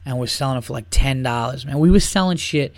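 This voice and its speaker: A man's voice: medium pitch, fast talker, a little mellow, no echo, clean studio sound. A man hosting a podcast, ranting in a casual, comedic way, swearing often and mocking people with heat. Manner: profane, heated, mocking. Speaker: podcast host.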